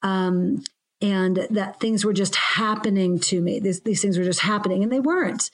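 A woman's voice: mid-range voice, moderate pace. A woman speaking as a guest coach who explains her ideas in a reflective, earnest way during a casual podcast chat.

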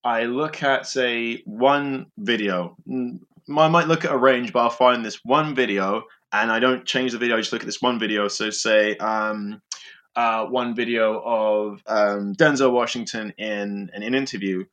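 A man's voice: mid-range voice, unhurried, fairly bright tone. A male improviser explaining how he builds celebrity impressions, talking casually and thoughtfully with many fillers. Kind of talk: casual interview talk.

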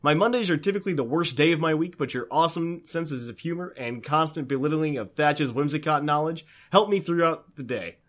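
A man's voice: a little high, fairly quick, hardly any pauses. A man co-hosting a casual podcast, reading listener mail in a laid-back, jokey way. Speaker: podcast co-host.

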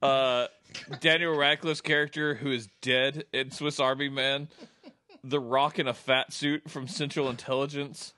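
A man's voice: medium pitch, steady tone, unhurried, sharp tone. A man hosting a casual chat with friends, reading out nominees and laughing mid-sentence. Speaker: host reading out award nominees.

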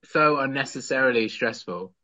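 A man's voice: mid-range voice, lively intonation, normal speed, sharp tone, no echo, muffled recording. A man co-hosting a casual chat and throwing in wry quips. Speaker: co-host.

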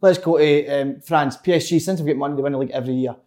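A man's voice: on the high side, very fast, warm tone. A man with a Scottish accent in casual football chat, blunt and opinionated, swearing freely.

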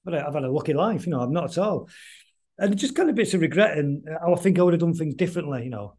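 Fast-talking man, rambling. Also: on the high side, expressive, a little mellow. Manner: rambling, halting, many restarts. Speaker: guest musician. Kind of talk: casual interview chat.

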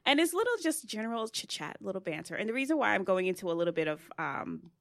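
A bubbly woman hosts a podcast in a casual, chatty way, full of quick asides. Her voice sits at an ordinary pitch. The sound is dry and close. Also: very animated, fairly bright tone, dry recording. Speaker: podcast host.

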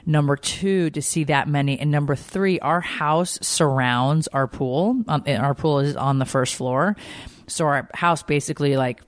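A woman's voice: low voice, measured pace, no echo. Chatty woman podcast host, casual storyteller, dry close sound. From Georgia, US. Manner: chatty storyteller, lively quoted voices. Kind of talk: casual chat.

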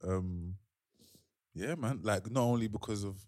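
A man's voice: fairly low pitch, measured pace, no echo, studio quality. A man co-hosting a casual chat, laid-back, tripping over his words when he gets going. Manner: laid-back, stumbling restarts when excited. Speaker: podcast co-host. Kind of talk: casual chat among friends.

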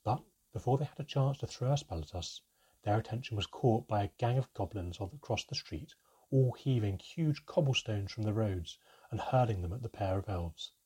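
A man narrates a fantasy storybook in first person, reading at a steady, measured pace. His voice is low and very husky and breathy, and his tone is dark and mellow. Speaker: audiobook narrator.

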